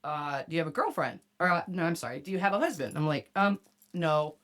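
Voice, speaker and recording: A woman's voice: sits low, expressive, quick pace, fairly bright tone. A woman hosting a podcast, telling a profane story in casual chat and laughing often. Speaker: podcast host.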